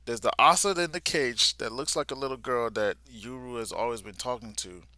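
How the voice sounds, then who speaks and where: A man's voice: medium pitch, fairly quick, pushed and bright, no room sound. A man giving a live reaction to a comic, retelling it in casual slang and sometimes sinking to a near-whisper. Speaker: vlogger reacting live to a manga.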